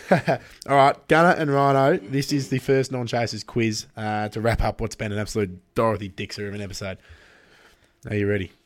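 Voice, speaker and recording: A man's voice: fairly low pitch, fairly even intonation, moderate pace. A man hosting a casual podcast chat, jokey and upbeat, with plenty of fillers. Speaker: podcast host.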